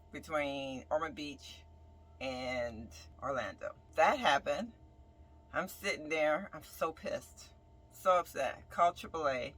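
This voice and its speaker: A woman, a nurse who lives in her bus, telling a casual storytime about a breakdown with animated, emphatic delivery and frequent "right?" asides. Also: deep voice, low-quality recording. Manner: dramatic swings between loud outbursts and quiet mutters. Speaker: nurse and bus-dwelling vlogger.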